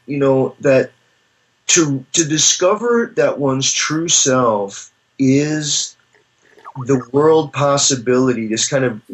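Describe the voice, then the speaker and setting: A man's voice: medium pitch, a bit bright. A man, a professor, talks through philosophical ideas in a conversational interview, searching for his words and reaching for stories to make his points. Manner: thoughtful, searching, with frequent restarts and storytelling asides.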